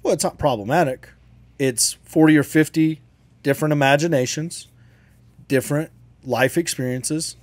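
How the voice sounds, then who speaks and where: A man's voice: on the high side, moderate pace, no echo. A man co-hosting a casual talk show, arguing his point with animation and casual swearing. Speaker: podcast co-host and father. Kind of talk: casual chat.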